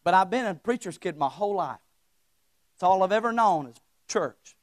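A young man preaching a sermon, swinging between shouting and hushed folksy talk. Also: sits high, lively intonation, moderate pace, no room sound, clean studio sound. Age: young adult.

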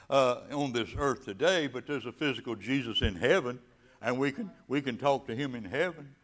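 Preaching to his congregation, a man alternates hushed, low passages with loud, emphatic climaxes. He stretches key words slowly and throws in relaxed asides along the way.

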